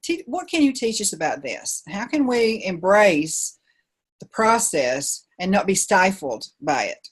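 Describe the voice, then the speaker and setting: A woman's voice: mid-range voice, sing-song, unhurried, slightly rough. A woman hosting an interview show, chatting casually and reading out listener comments. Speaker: podcast host.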